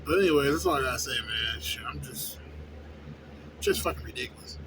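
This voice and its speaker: A young man who works at a fast-food place, venting in a casual, profane, rambling way and often asking "you know what I'm saying?". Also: medium pitch. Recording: noisy background with vehicle sounds.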